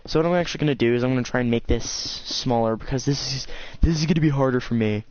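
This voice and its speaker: A man's voice: mid-range voice, quick pace, a little mellow, no room sound, dull audio. A man chatting casually while building in a game on his stream, joking and insisting he isn't kidding. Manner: joking, insistent, keeps swearing he is not kidding. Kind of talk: casual chat over gameplay.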